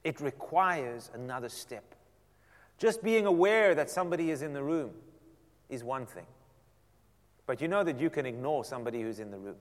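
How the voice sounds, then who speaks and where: A man preaching a sermon to a seated congregation, swinging from loud emphasis down to a soft near-whisper. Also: mid-range voice, animated, moderate pace, pauses often. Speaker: pastor. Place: church sanctuary. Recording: long hall reverb.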